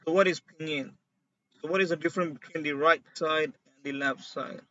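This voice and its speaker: Guy w teaching mandarin, kinda high bright voice, muffled lo-fi sound. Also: steady tone, dry recording. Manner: slow, deliberate, repeating sounds for the learner. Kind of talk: language lesson. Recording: dull, lo-fi audio.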